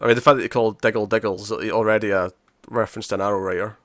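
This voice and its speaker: A man's voice: lowish voice, fairly even intonation, very fast, a bit bright, no room sound. A man co-hosting a podcast in casual chat, rambling with lots of "like" and laughs. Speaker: podcast co-host.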